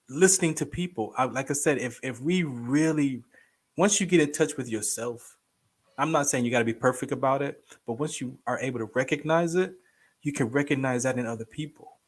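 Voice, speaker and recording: A man in his thirties chatting casually as a guest co-host, telling stories with lively acted-out quotes. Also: medium pitch, brisk. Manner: animated storyteller, acts out quoted voices. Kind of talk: casual chat.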